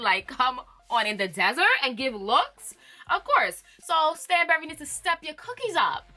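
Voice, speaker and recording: Young woman vlogger, bright forceful voice, opinionated gossip recap, faint music behind. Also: a little high. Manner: opinionated, animated, laughs often. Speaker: reality TV commentator.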